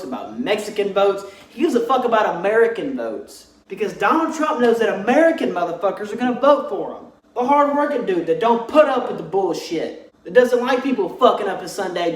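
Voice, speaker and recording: A young man ranting bluntly and mockingly in a vlog, swearing constantly. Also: high-pitched. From Texas. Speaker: vlogger. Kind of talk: profane ranting commentary. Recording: roomy echo, distant mic.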